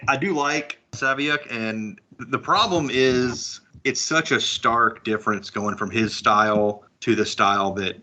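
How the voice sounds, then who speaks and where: A man's voice: medium pitch, measured pace, hardly any pauses, bright, forceful tone. A man co-hosting a comics podcast, chatting casually and musing aloud, hedging often as he thinks things through. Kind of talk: casual chat.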